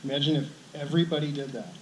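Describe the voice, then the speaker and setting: Earnest man teacher, slightly high, echoey. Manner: earnest, halting restarts, gentle advice. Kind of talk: graduation speech. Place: outdoor ceremony with crowd. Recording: echoey outdoor sound with background noise.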